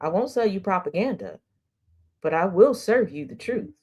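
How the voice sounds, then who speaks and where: A woman's voice: medium pitch, expressive, moderate pace, warm tone, breathy edge, lo-fi sound. A woman hosting an opinionated commentary stream, sassy and sarcastic, hammering points with rhetorical questions and repetition. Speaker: news commentary host.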